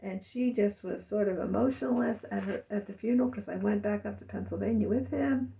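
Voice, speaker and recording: A woman's voice: medium pitch, a little fast, vocal fry, dark tone, distant mic, low-quality recording. A middle-aged woman talking through a rambling, emotional personal monologue, sometimes mimicking her family's words. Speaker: vlogger.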